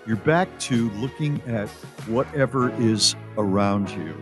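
A man's voice: fairly low pitch, a little slow, over music. A man hosting a radio show, chatting casually and musing aloud about his own habits.

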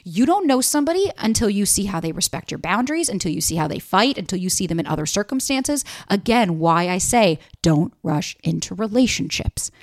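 A young woman hosting a solo podcast, giving blunt dating advice in a casual, animated way and swearing freely. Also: mid-range voice, fairly quick, hardly any pauses, no echo, clean studio sound. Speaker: podcast host.

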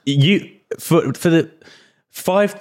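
A young man co-hosting a podcast, teasing his friends in casual banter. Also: fairly high pitch. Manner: teasing, quick jabs. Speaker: podcast co-host.

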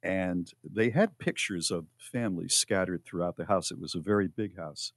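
Radio host, man, low voice, easygoing rambling chat, dry studio sound. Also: moderate pace, dry recording. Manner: relaxed, rambling storyteller. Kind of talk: casual podcast chat.

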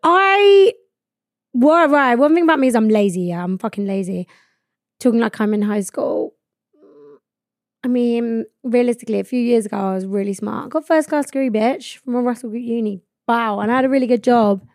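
Young girl ranting on her podcast, swears loads, kinda high voice, dead dry mic. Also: normal speed, no room sound. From England. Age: 20s. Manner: blunt, sweary, laughing, lots of "like". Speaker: podcast host. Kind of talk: casual solo podcast chat.

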